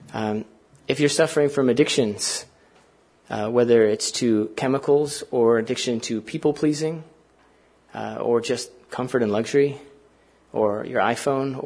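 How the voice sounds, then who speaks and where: Husky-voiced male pastor preaching conversationally. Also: mid-range voice. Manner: conversational, earnest, many fillers and asides to the congregation. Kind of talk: sermon.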